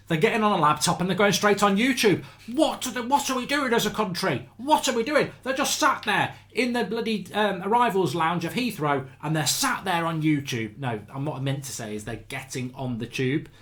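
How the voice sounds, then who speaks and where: Rambling man telling stories. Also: medium pitch. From England. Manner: rambling anecdotes with restarts. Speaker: show host. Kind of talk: casual livestream chat.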